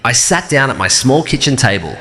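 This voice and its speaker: A man tells a scripted first-person story in a calm, even, measured delivery. His voice is bright and forward, and each phrase hangs in a long reverb. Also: mid-range voice. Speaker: narrator.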